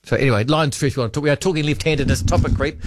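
A man's voice: fairly high pitch, racing, background noise. A man hosting talkback radio, chatting casually and reading out listener texts, often trailing off with hesitant ums.

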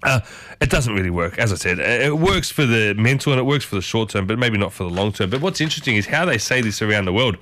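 A man's voice: on the low side, lively intonation, quick pace, a bit bright, no room sound. A man hosting a casual talk, chatting to his listeners and often turning to ask them questions. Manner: chatty, asks the audience many questions. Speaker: host.

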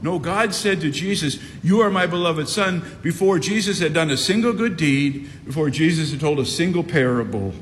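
A man in his sixties delivers a sermon with emphatic, deliberate phrasing, stretching his key refrains slowly. His voice sits a little high for a man. The sound carries a long reverb tail over a faint low rumble. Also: lively intonation. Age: 60s. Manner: emphatic preaching with slow drawn-out repeated refrains. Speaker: pastor.

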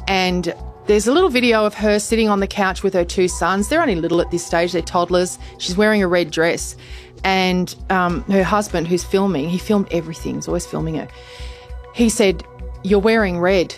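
A woman, chatting casually as a host and telling a story with lively quoted lines. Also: on the low side. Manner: animated storytelling, acts out quotes. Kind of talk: casual chat.

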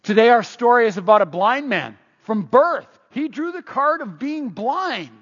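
A man preaching a sermon, telling stories in a lively, conversational way and prompting the congregation to call out answers. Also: very high voice, normal speed, breathy edge, long reverb tail, dull audio. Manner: animated, conversational storytelling with audience prompts. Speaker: pastor.

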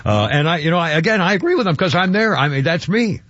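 A slightly high male voice rambles along on a radio show, easygoing and full of restarts and small chuckles. The studio sound is dry and a bit dull, like broadcast radio. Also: lively intonation, fast, fairly bright tone, dry recording. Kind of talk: casual radio chat.

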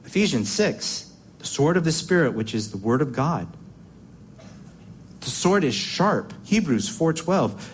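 A man's voice: on the high side, big pitch swings, measured pace, pauses often, slight background noise. Emphatic man preaching a sermon. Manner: emphatic, rhetorical questions, repeats words while restarting.

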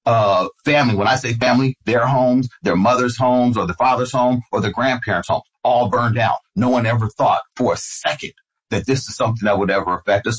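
A middle-aged man who hosts radio tells a personal story in conversation as an interview guest, acting out the voices of the people involved. His medium-pitched voice is slightly rough, and the recording itself is rough.

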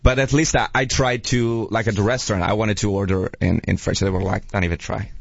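A man's voice: on the low side, steady tone, a little fast, no echo, highs cut off. A man with an Italian accent, a non-native English speaker, chatting as a radio guest and laughing often as he searches for words. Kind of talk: casual radio chat.

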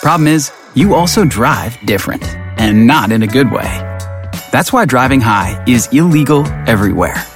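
A man reading a public service announcement in a calm, measured voice-over. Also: mid-range voice. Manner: calm, measured, plain delivery. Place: studio. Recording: studio voice-over with music underneath. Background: music bed.

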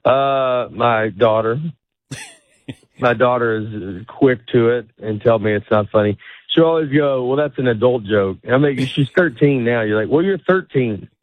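A man's voice: mid-range voice, a little slow, dry recording. A middle-aged man, a comedian, chatting casually in a rambling way, often cutting himself off and laughing. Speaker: comedian guest. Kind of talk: casual chat. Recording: dry phone-like audio.

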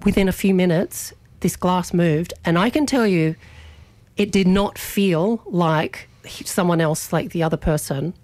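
A young adult woman radio host telling a story in an animated, chatty way, often restarting her sentences. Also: lowish voice, a little slow, no echo. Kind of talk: casual storytelling chat on radio.

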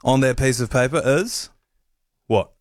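Dry-humoured New Zealand radio co-host. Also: male voice, medium pitch, measured pace, no room sound. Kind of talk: casual radio banter. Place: radio studio. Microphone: studio microphone.

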